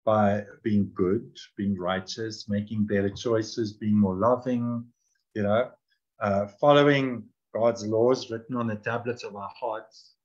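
A man's voice: on the low side, steady tone, unhurried, a little mellow, dull audio. A man who is a guest teacher, explaining Christian ideas in conversation and illustrating them with stories. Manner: storytelling, with voiced quotes.

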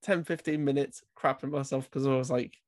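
A man's voice: medium pitch, fairly even intonation, brisk, a little mellow, dry recording, clean studio sound. A young man co-hosting a podcast, talking in an awkward, giggly, rambling way in casual chat. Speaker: co-host. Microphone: desk mic that crackles.

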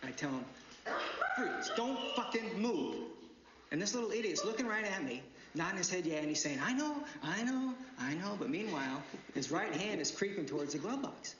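A brash swaggering cop. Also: male voice, sits high, sing-song, quick pace, hardly any pauses, noisy background. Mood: boastful. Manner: loud, swaggering anecdote. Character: brash cop telling a crude war story. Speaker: actor. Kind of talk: film dialogue. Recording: dull, echoey film audio.

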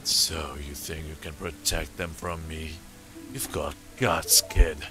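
A man voicing an arrogant male villain king who taunts in a slow, booming way. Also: little pitch movement, music in the background, exaggerated voice. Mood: threatening.

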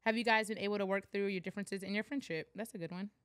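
A woman co-hosting a podcast, animated and playful, laughing often and backing up her partner with quick agreements. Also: mid-range voice, no room sound. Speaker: podcast co-host. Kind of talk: casual faith chat.

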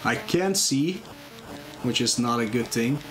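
A man's voice: mid-range voice, a little slow. A man casually explaining a video game as he plays it live, chatting with viewers between moves. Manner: relaxed, explains as he plays, glances at chat. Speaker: speedrunner. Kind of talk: live commentary while playing. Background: game music.

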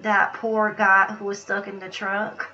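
A woman's voice: mid-range voice, completely flat delivery, unhurried, sharp tone, lo-fi sound, faint music behind. A woman hosting an interview who asks playful, leading questions. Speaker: show host, interviewer. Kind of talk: casual interview.

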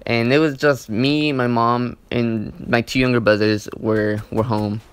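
A man's voice: medium pitch, little pitch movement, measured pace, smooth. A young man telling a story in a casual, rambling way, swearing often and filling his talk with "like" and "you know.". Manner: rambling, profane, heavy use of "like" and "you know". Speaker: gaming channel host. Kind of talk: casual storytime over gameplay.

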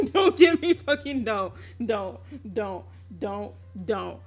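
A woman's voice: medium pitch, big pitch swings, slow, darkish tone, faint music behind. A young woman chatting casually on a live stream while she draws, laughing often, swearing freely and teasing her viewers.

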